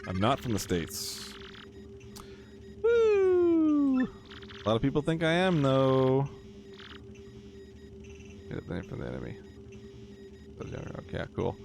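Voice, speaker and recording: A man's voice: mid-range voice, big pitch swings, a little slow, creaky, pauses often, soft background music. A man with a Canadian accent giving chatty, rambling gameplay commentary, laughing easily. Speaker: game streamer.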